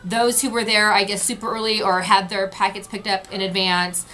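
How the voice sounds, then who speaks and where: A woman's voice: mid-range voice, little pitch movement, moderate pace, pushed and bright, slight background noise. A woman vlogger recapping an event in casual talk, frustrated and retelling what people said. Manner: frustrated, retelling with quoted voices.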